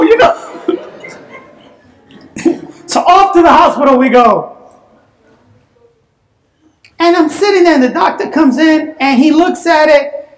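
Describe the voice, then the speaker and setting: A woman preaching a sermon in a church, telling a personal story in an animated way that breaks into shouts and laughter. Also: high voice, normal speed, pauses often, echoey room. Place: church sanctuary.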